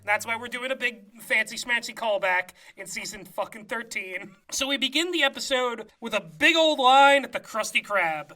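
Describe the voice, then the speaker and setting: A podcast co-host casually recapping a cartoon episode, animated and quick to laugh, talking over a remote call. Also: medium pitch. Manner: animated storytelling, frequent laughter. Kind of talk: casual comedic recap chat.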